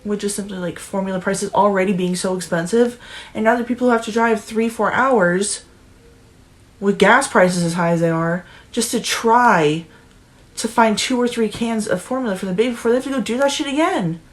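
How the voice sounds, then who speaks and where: A woman's voice: medium pitch, moderate pace. Profane ranting young woman vlogger. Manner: profane, emotional, ranting, restarts often. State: near tears. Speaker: political commentary vlogger. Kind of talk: angry political rant vlog.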